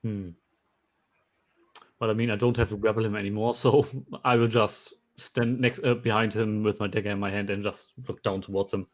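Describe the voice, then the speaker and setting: A man playing in a tabletop game over a video call, talking haltingly with frequent fillers. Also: on the low side, flat delivery. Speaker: player. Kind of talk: casual tabletop game chat.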